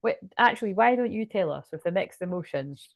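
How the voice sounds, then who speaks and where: A woman's voice: mid-range voice, lively intonation, fairly quick, gravelly, no echo. A woman giving a casual tarot card reading, chatty and rambling, with restarts and swearing. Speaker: tarot reader.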